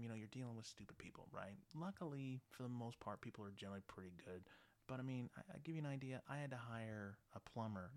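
A man telling a story casually, blunt and animated, swearing freely. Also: fairly low pitch.

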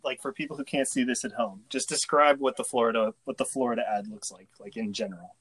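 A man's voice: mid-range voice, fairly even intonation, fast talker, fairly bright tone, breathy edge. A man hosting a casual podcast, joking loosely while steering the conversation. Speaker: podcast host.

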